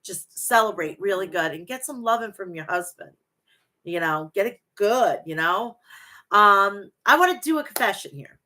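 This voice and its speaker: A woman's voice: medium pitch, lively intonation, normal speed, pushed and bright. A woman in her forties hosting a casual wrestling show, profane, gushing and rambling as she talks to her chat. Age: 40s. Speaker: wrestling podcast host. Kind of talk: casual chat reading live chat.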